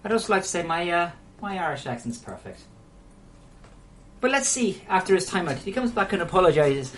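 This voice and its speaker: A low-voiced woman streams herself writing game code and talks to her viewers as she works. She is blunt and swears easily, and her voice swings widely between high and low. She often drops to a mutter while she works through the code. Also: sing-song, brisk, a little hiss or hum. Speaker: game developer streaming live. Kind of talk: live coding stream chat.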